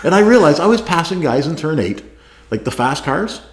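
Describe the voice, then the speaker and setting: Animated man telling a garage racing story. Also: a little high, brisk. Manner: animated, acts out radio calls, laughs often, says "right?". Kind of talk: casual storytelling. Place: garage studio. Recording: roomy echo.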